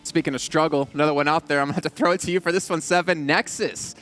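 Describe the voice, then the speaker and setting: A man hosting an esports broadcast desk, with an energetic, upbeat hype delivery. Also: on the high side, racing, faint music behind.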